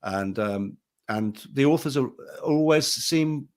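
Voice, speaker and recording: A man with a mid-range voice talks slowly and with animation. An actor and audiobook narrator, he's on a panel sharing casual anecdotes in a conversational style, restarting often.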